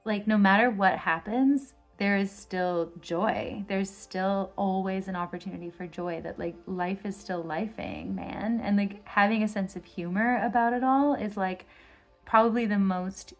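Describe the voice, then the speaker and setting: A woman's voice: mid-range voice, measured pace, soft background music. A woman giving a casual pick-a-card tarot reading, rambling with constant fillers and gushing with enthusiasm. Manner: effusive and enthusiastic. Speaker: tarot reader.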